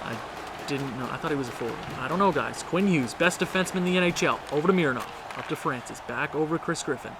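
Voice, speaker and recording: A man's voice: a little high, fast, crowd noise, background noise. A young man giving casual commentary on his own hockey video game late at night at home, exasperated and pleading with his team. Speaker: gaming video creator. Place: house at night.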